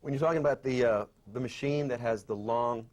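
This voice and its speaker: Halting male talk show host. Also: mid-range voice, a little mellow. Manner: halting, many fillers and restarts. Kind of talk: casual panel chat.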